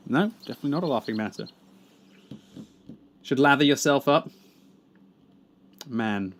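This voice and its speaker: A British man chatting casually while streaming a game, teasing and rambling as he reads out chat messages. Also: on the low side. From Britain. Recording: clear background game noise.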